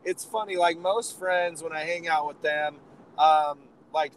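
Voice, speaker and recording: Hoarse raspy man on the road. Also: on the high side, fairly even intonation, measured pace, poor audio. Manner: joking, rambling, upbeat. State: hoarse from a sore throat. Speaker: podcast co-host. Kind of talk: casual chat on a phone call from the road. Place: inside a moving car. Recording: faint road noise from a car.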